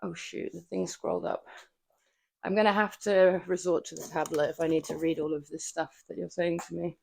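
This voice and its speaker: A woman's voice: fairly low pitch, steady tone, normal speed, vocal fry, darkish tone. A woman livestreaming from her home gym, chatting casually with viewers between lifts, laughing often and swearing now and then. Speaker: livestreamer working out.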